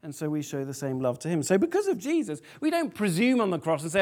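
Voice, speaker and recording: A man preaching a sermon to a family congregation, lively and animated, often asking the room questions. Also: on the high side, quick pace.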